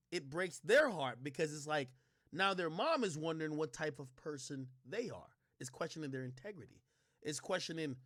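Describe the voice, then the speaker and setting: A man with a fairly high voice talks through a reaction stream, breaking in to explain his take at length. He often restarts his sentences. The sound is close and dry, with no room in it. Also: sing-song, brisk, pushed and bright, no echo. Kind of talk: reaction commentary. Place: streaming setup.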